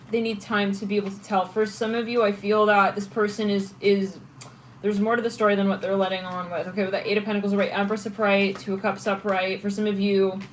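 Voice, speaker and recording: A woman's voice: mid-range voice, slight background noise, rough recording. A woman giving a casual tarot reading, thinking aloud and chatting through the cards with frequent restarts. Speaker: tarot reader.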